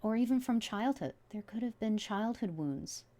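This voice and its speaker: A woman giving a casual tarot reading to viewers, excitable and emotional, often trailing off and restarting her sentences. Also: a little high, normal speed. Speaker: tarot reader.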